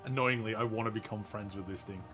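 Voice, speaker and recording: A man's voice: fairly low pitch, fairly even intonation, fast talker, over loud music. A man playing a tabletop game, joking and swearing in casual banter with the table. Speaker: player.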